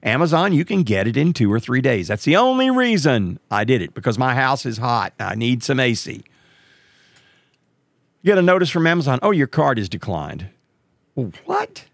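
Gravelly man telling a story. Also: moderate pace, no echo. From Texas. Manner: animated, jumps way up in pitch when quoting others. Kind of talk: casual storytelling monologue.

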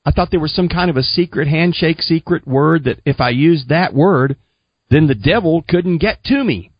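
A man's voice: on the high side, normal speed, breathy edge, dry recording, muffled recording. A man earnestly telling his faith testimony to a host in a casual, preachy storytelling way.

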